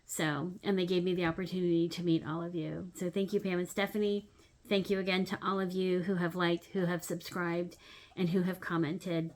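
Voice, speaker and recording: Middle-aged woman, hobby vlog host, casual and animated, soft asides, lots of "um"s. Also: lowish voice, moderate pace. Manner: animated storyteller, swings between loud acted-out moments and soft asides; chatty with frequent "um" fillers. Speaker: needlework channel host.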